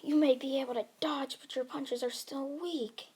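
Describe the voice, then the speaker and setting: A cruel alien tyrant, put on by a woman narrator sneers quiet taunts at his foe. The voice sits fairly high and unhurried, with mocking confidence in every line of this fan-made story. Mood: sneering.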